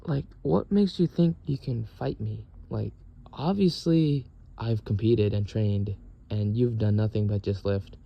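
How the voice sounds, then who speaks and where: A man's voice: on the low side, unhurried, creaky, dull audio. A young man in the military venting in a casual, profane, exasperated rant. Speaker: military service member.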